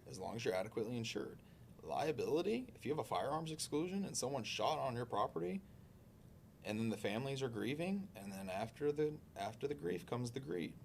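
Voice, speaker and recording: Man, fairly low voice, casual storyteller, chatty and jokey, faint background hiss. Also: gravelly. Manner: chatty, jokey, full of restarts and asides. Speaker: insurance agent guest. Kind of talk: casual anecdote telling.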